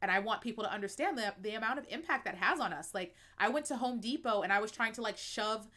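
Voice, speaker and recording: A woman's voice: mid-range voice, quick pace. Frank, laughing American woman streamer. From United States. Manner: frank, expressive, laughs often, uses fillers like um and like. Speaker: livestream host. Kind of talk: candid personal chat to viewers.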